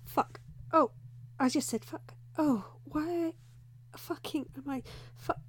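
In a whispered role-play, a woman plays a flustered young undercover reporter, breathy and frantic, who keeps scolding herself and blurting out curses. Her voice is high, and she takes things slowly.

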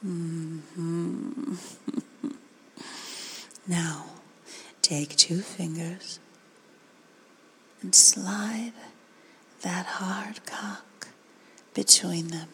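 A woman in a whispered role-play, giving slow, coaxing commands in a breathy whisper. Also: fairly low pitch, fairly even intonation, pushed and bright, a little hiss or hum. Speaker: ASMR performer.

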